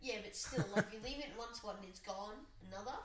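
A woman's voice: medium pitch, fast talker. A woman in casual chat as a podcast co-host, telling rambling stories with many fillers. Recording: roomy echo with faint noise.

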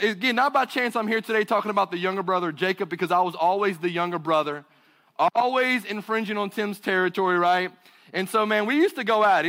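A man from North Carolina with a Southern accent, preaching as a guest pastor in an energetic, joking storytelling manner. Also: sits high. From Burlington, North Carolina. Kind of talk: sermon.

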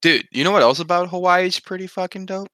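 A man's voice: high voice, bright, forceful tone, dry recording. A young man co-hosting a podcast, joking around and teasing his friends in casual chat. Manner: teasing, joking, quick to interrupt. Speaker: podcast co-host.

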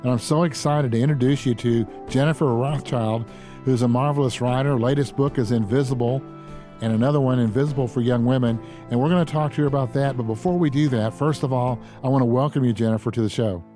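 A man's voice: mid-range voice, steady tone, fast, dark tone, soft background music. A man hosting a podcast interview, enthusiastic and folksy, joking with his guest. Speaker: podcast host.

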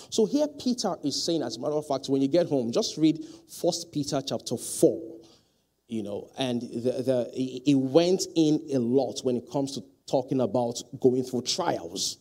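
A male pastor preaching a sermon in a church, asking the congregation questions and rising to loud, emphatic peaks. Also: medium pitch, lively intonation, a little slow. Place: church hall.

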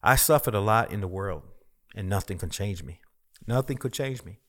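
A man's voice: lowish voice, expressive, moderate pace, a bit bright. A man, a minister, telling his personal testimony as a guest in a conversation, emphatic and repetitive as he tells the story.

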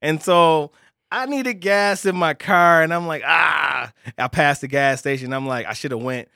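A man with telling a lively faith story in casual podcast chat, acting out voices and laughing often. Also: fairly high pitch, moderate pace, clean tone, no echo, studio quality.

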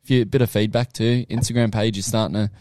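A young Australian man with a lowish voice, chatting loosely and cheerfully as a podcast host. His talk is slangy and upbeat, broken by frequent laughter. The sound is dry and close. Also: fairly even intonation, fairly quick, a little mellow, no echo. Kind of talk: casual pub chat.

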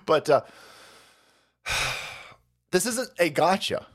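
A man's voice: on the high side, very animated, moderate pace. A man hosting a livestream, ranting profanely and mockingly in political commentary. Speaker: livestream host.

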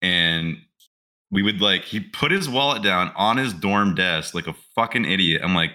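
A man's voice: low-pitched, lively intonation, normal speed, sharp tone. A man in his twenties, a podcast co-host, telling crude stories in brash, profane casual banter.

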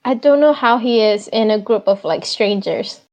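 A woman co-hosting an esports chat talks with excited, gushing energy. Her voice sits fairly high. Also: moderate pace. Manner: excited, gushing fan talk. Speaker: co-host. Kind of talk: casual chat.

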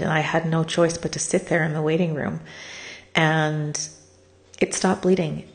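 Tired, gravelly woman telling a raw story. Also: low voice. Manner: candid, swears freely, laughs through pain; drops to a whisper at times. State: worn out from crying. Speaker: vlogger sharing a personal story. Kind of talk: raw confessional monologue.

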